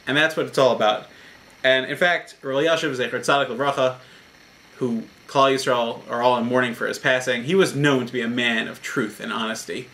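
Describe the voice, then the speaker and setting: A man's voice: medium pitch, pushed and bright. A man, a rabbi, giving a short Torah talk in an earnest, explanatory storytelling manner.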